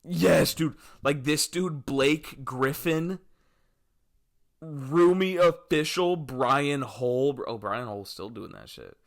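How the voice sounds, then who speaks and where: A man's voice: on the high side, lively intonation, takes it slowly, gravelly. A man in his twenties hosting a solo podcast, talking casually in a rambling, jokey way and swearing freely as he drifts between topics. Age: 20s. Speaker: podcast host.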